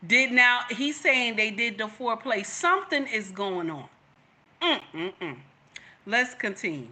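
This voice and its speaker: A woman with a bright, forceful voice reacts to a video in casual commentary. She is animated, repeats her points, and talks directly to her viewers. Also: fairly high pitch, slow pace.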